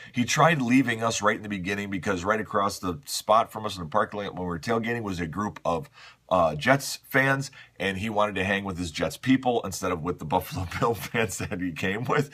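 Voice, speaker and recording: A man hosting a daily morning show, talking quietly and casually to the camera at home, his voice rough and tired. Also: on the low side. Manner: speaking softly and a bit hushed. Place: at home, seated in a chair.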